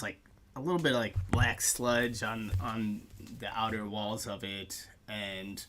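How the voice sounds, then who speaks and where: A man running a tabletop game as game master, narrating with many halting fillers. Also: fairly low pitch, background noise.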